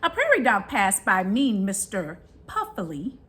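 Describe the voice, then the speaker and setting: A woman hosting a weekly children's read-aloud, reading a rhyming picture book with animated storytelling. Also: medium pitch, measured pace.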